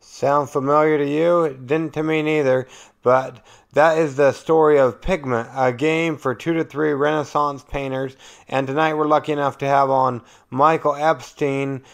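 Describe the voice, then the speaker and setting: A man's voice: fairly high pitch, steady tone, normal speed, creaky. Guy hosting a gaming podcast, casual, cool beans type questions. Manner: friendly, informal questioning. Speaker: podcast host. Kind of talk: casual interview.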